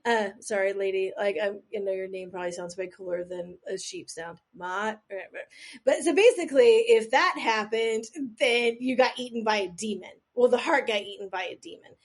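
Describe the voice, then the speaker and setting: A woman's voice: mid-range voice, brisk, hardly any pauses. A woman co-hosting a podcast, running a quiz in a rambling, self-deprecating way with jokey asides, sometimes leaning back from the microphone. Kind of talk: casual podcast chat.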